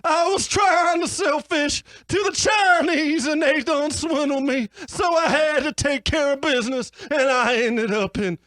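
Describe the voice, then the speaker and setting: A man playing a booming preacher. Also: unhurried, hardly any pauses, fairly bright tone, no room sound. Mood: blustering. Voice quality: booming preacher delivery, folksy grammar. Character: shouty Southern preacher man, scheming ex-con. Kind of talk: improv comedy acting.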